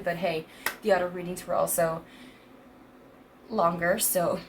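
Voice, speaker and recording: A woman's voice: lowish voice, creaky, background noise. A woman in her twenties giving a casual tarot reading, rambling and hesitant with many fillers and restarts, laughing often between thoughts. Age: 20s. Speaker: tarot reader.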